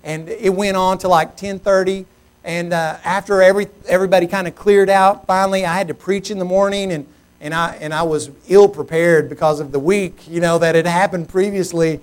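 High-voiced, animated man preaching. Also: brisk, clear, resonant tone. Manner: animated, humorous, self-mocking. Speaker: pastor. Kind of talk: storytelling sermon.

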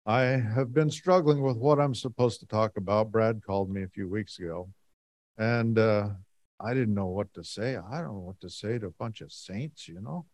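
A dry recording captures a middle-aged man, a lay speaker, recounting a long personal story to his church in a rambling, folksy manner full of "and, uh." His voice leans low and a little mellow, at a normal speed.

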